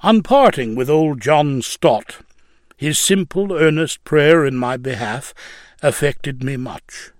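A man reading a religious story aloud in a measured, solemn way. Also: on the high side, expressive, no room sound, studio quality. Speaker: narrator.

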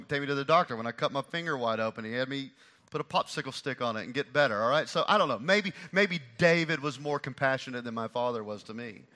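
A man preaching a sermon, emphatic and repeating phrases for stress, swinging between hushed and loud. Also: medium pitch. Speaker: pastor.

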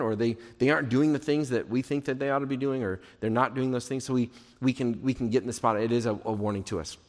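A male pastor preaching a sermon in an earnest way, moving between emphatic and hushed delivery. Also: medium pitch. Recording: long hall reverb.

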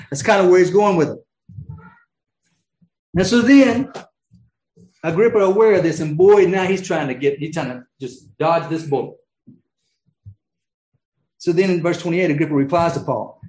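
A man's voice: fairly high pitch, normal speed, pauses often, darkish tone, reverberant, poor audio. A man preaching a sermon, earnest, often restarting his sentences and rising into emphatic peaks. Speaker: pastor.

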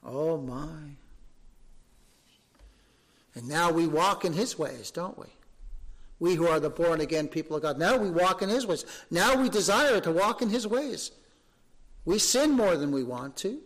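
High-voiced preacher, fervent and emphatic. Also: male voice, animated, unhurried, pauses often. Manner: fervent preaching with rhetorical questions and emphatic repetition. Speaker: pastor. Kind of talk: sermon.

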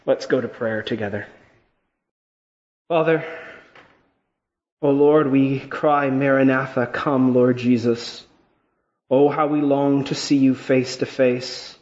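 A man's voice: medium pitch, steady tone, a little mellow, highs cut off. Earnest man reading scripture and praying. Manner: earnest, measured pastoral prayer voice. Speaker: pastor.

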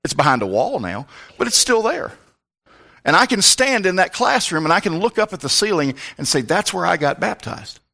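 A man's voice: high voice, sing-song, normal speed, creaky, pushed and bright. A male pastor preaching a sermon, telling a personal story with comic asides.

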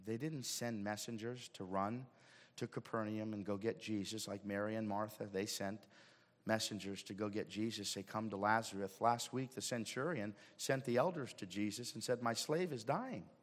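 A man preaching a sermon as pastor, swinging from hushed asides to shouted emphasis. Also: fairly low pitch, steady tone, moderate pace, in a large hall. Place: church sanctuary.

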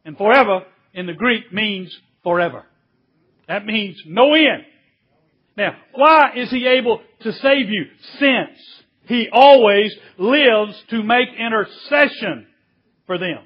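A man preaching a sermon, slow and emphatic, drawing out key words. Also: high-pitched, lively intonation, slightly rough, lo-fi sound.

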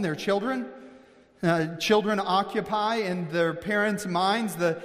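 A man from Missouri preaching a sermon as pastor, earnest, slowing down for emphasis and often restarting his sentences. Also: high-pitched, in a large hall.

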